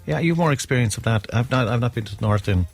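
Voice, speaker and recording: A man's voice: medium pitch, lively intonation, quick pace, faint music behind. Irish guy on morning radio, rambles and chuckles, voice bounces around a lot. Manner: rambling, chuckling, chatty storyteller. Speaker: radio host. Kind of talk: casual breakfast radio chat.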